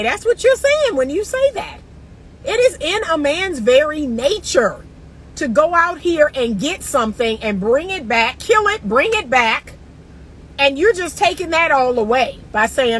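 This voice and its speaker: A woman's voice: high voice, very animated, normal speed, a little hiss or hum, poor audio. A woman relationship coach talking straight to her viewers in a casual, emphatic way, laughing often, recorded in a car. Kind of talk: casual advice monologue.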